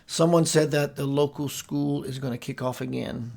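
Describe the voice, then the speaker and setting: A man's voice: medium pitch, fairly even intonation, normal speed, vocal fry, a little mellow. A man hosting a talk show, speaking in a playful, effusive and affectionate way with his guest. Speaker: host.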